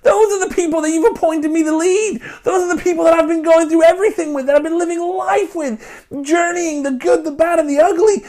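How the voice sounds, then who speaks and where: A man voicing Moses, an older leader pleading with God loudly and desperately. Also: very high-pitched, a little fast, pitched above the performer's own voice. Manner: crying out, loud and pleading.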